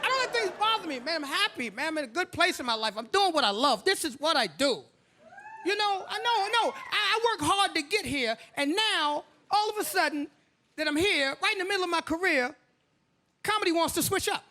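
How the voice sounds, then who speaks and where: Bright, high-voiced stand-up comedian man. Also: expressive, fairly quick. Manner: storytelling, acts out characters, playful.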